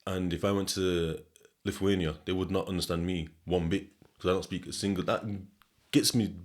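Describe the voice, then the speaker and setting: A man's voice: sits low, fairly even intonation, normal speed. A young man with a Sheffield accent, hosting a casual monologue podcast, rambling and swearing freely as he laughs often. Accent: Sheffield English. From England. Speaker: podcast host.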